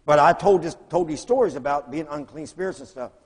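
A man preaching, telling lively stories and acting out the voices of the people in them. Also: on the high side, a little fast, breathy edge. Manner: animated storyteller, acts out voices in quotes. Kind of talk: storytelling sermon. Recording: long hall reverb.

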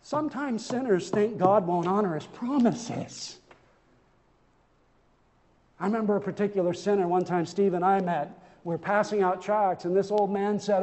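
A man's voice: sits high, moderate pace, darkish tone, long reverb tail. A man preaching a sermon in a church, earnest and emphatic, often stumbling over repeated words as he restarts.

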